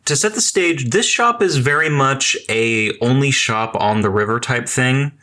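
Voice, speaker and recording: A man's voice: mid-range voice, lively intonation, measured pace, sharp tone. A man co-hosting a film podcast, chatting casually with dry, wry remarks.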